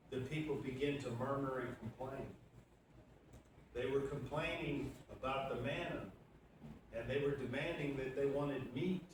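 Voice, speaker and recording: Male pastor, mid-pitched and conversational, recorded from afar in a boomy sanctuary. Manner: conversational, with fillers and questions to the congregation. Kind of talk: sermon, Bible teaching. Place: church sanctuary. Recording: echoey church room from far off, audible background noise.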